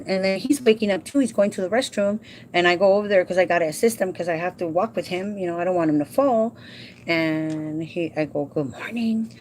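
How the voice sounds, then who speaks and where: A woman's voice: medium pitch, darkish tone, a little hiss or hum. A woman in her forties, a livestream host chatting casually with viewers by name and explaining timesheets, now and then dropping into Spanish. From Southern California. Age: 40s. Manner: folksy instructional explaining.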